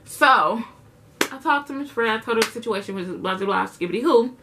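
A woman's voice: fairly high pitch, a little fast, noisy background. A young woman vlogger telling a storytime to her camera in a casual, slangy way, acting out both sides of an argument. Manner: animated, slangy, acts out the dialogue.

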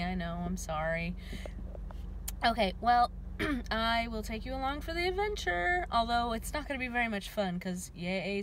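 A woman's voice: a little high, normal speed, a bit bright, a little hiss or hum. A young adult woman chatting casually to her viewers from inside a car, laughing often. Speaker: vlogger. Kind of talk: casual vlog chat.

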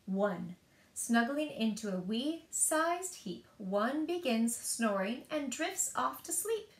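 A woman librarian reading children's picture books aloud in a rhythmic, expressive way. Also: a little high, slow. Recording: echoey room.

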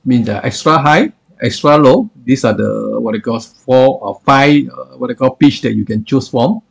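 A man walks through a software tool in a tutorial, his voice gravelly with a husky edge. He explains haltingly and keeps reaching for words with filler phrases as he clicks along. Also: mid-range voice. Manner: hesitant, filler-heavy explaining. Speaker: software reviewer. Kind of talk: screen-recorded tutorial.

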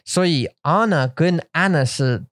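A man's voice: a little high, expressive, measured pace, a bit bright, no echo. Rambling English man, dry close sound. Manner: rambling, restarts often, mixes English and Mandarin. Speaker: podcast co-host. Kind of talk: casual bilingual chat.

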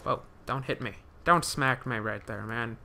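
A man's voice: mid-range voice, measured pace, gravelly, sharp tone, a little hiss or hum. A young man giving live gameplay commentary, rambling with many fillers and restarts, swearing when startled. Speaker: gaming commentator.

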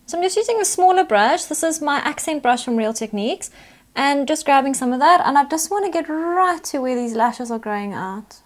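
A makeup tutorial host with a high voice narrates a step-by-step makeup tutorial. She's chatty and instructive, explaining each step as she goes.

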